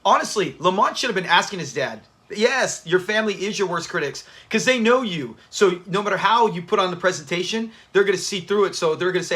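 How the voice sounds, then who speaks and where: Bright-voiced man chatting through a watch party. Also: high-pitched, expressive, fairly quick. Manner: chatty, laughs often, talks to the live chat. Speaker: channel host. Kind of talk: casual livestream watch-party chat.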